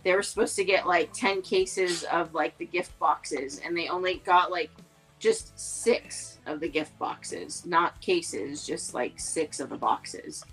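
A woman's voice: fairly low pitch, slow, a bit bright, soft background music, low-quality recording. A woman co-hosting a casual podcast chat, rambling along with lots of fillers and restarts. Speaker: podcast co-host.

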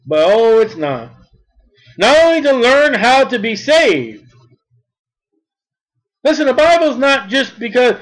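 A man with a very high voice delivers a sermon. He reads verses slowly and deliberately, then presses his points with emphasis. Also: big pitch swings, a bit bright, rough recording. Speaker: preacher.

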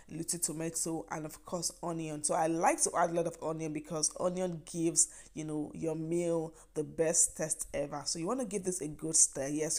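A woman's voice: lowish voice, darkish tone. A woman with a Nigerian accent walks viewers through a recipe in a chatty, encouraging way, often stressing her points with "yes" and "trust me". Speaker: cooking vlogger. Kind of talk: cooking demonstration.

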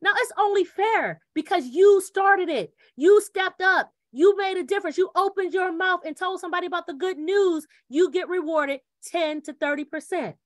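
A woman delivers a lively sales presentation in a very high, bright voice. The recording is dry and close. She acts out quick back-and-forth scenes and repeats her catchphrases. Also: no echo. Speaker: presenter pitching a referral program. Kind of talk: energetic sales pitch.

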